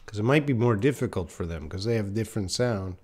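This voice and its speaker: A man's voice: fairly low pitch, lively intonation, brisk, a little mellow. A man giving a casual live-stream lesson, chatting to viewers by name and laughing at his own slips. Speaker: English teacher.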